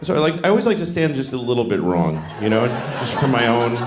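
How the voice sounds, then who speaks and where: A man's voice: medium pitch, big pitch swings, quick pace, background noise. A man in his fifties from Boston doing live stand-up comedy on a club stage, conversational and self-mocking with rambling riffs. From Boston, USA. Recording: roomy club with audience laughter.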